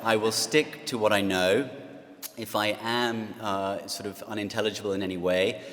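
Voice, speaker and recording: Halting English man speaking in a hall. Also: on the low side, fairly even intonation, a bit bright. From England. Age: 40s. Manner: self-deprecating, halting with many fillers. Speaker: guest speaker. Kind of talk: speech to an audience. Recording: long hall reverb.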